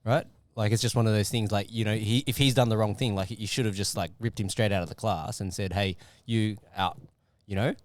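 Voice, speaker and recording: Male podcast host, casual, rambling, fairly low voice. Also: fairly even intonation, brisk, no room sound. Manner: casual, thinks aloud with many fillers. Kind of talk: casual interview chat.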